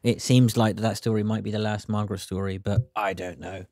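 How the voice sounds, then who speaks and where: A man's voice: fairly low pitch, fairly even intonation, fairly quick, darkish tone, no room sound, studio quality. An Englishman co-hosting a podcast, giving blunt opinions, teasing dryly and swearing casually. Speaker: podcast co-host. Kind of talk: casual podcast review chat.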